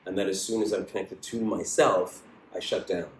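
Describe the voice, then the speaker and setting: A man teaching an acting class in a casual, animated way, swearing freely and acting out the lines he quotes. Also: normal speed, roomy sound, a little hiss or hum. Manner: animated, profane, acts out quoted lines with big pitch jumps.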